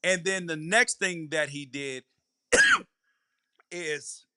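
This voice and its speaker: A man's voice: fairly high pitch, expressive, drawn-out words, very noisy. A man hosting a live college football podcast, a former player giving emphatic commentary and hammering his points home by repeating them. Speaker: podcast host.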